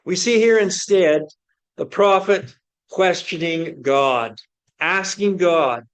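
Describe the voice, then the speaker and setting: A man's voice: high voice, a bit bright. Man preaching a questioning sermon. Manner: measured, questioning, builds with repeated rhetorical questions. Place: church sanctuary before a congregation.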